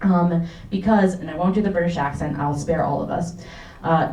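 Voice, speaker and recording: Mellow-voiced woman moderating a panel. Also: lowish voice, moderate pace. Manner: casual and upbeat, reading prompts. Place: cinema auditorium. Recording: echoey cinema, distant mic.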